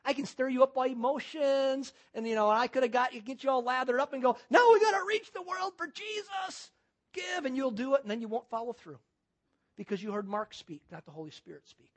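A man's voice: extremely high pitch, fast talker. A man preaching a sermon as pastor, using repetition and rhetorical questions.

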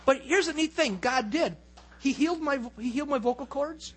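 A man pastor giving a conversational sermon in a church, telling stories with many asides; his voice is weak and fades in the low range. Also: moderate pace, a bit bright, a little hiss or hum.

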